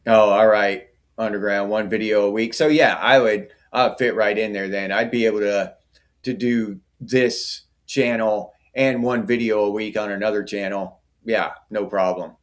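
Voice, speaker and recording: A man's voice: fairly low pitch, fairly even intonation, moderate pace. A middle-aged man hosting a casual livestream, chatting and answering viewer comments by name. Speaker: livestream host.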